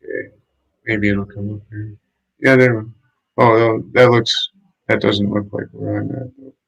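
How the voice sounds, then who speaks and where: A laid-back man talking on a home livestream, his fairly low voice carrying a gravelly edge. He chats loosely and peppers his talk with "like". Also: level tone, unhurried, fairly bright tone, rough recording. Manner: laid-back, chatty, uses "like" a lot. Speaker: guest streamer. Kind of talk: casual livestream chat. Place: home, living in Lima. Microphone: streaming mic setup.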